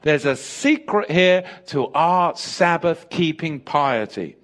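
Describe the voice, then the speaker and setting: A man's voice: fairly high pitch, animated, slow, a bit bright. An American man preaching a sermon, emphatic, joking and laughing with his congregation.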